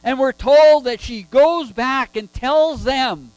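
A man's voice: very high-pitched, takes it slowly, hardly any pauses, smooth, dry recording, soft background music, rough recording. A man preaching a sermon, emphatic and full of rhetorical questions.

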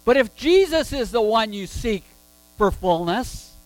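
Male preacher, high animated delivery, slow emphatic sermon, dry sound. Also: no echo, soft background music, poor audio. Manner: emphatic with rhetorical questions.

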